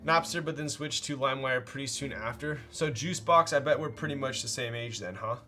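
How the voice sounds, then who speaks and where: A man's voice: medium pitch, a little fast, sharp tone, soft background music. A man streamer talking casually while building a keyboard, rambling and playful, with lots of fillers. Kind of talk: casual live-stream chat.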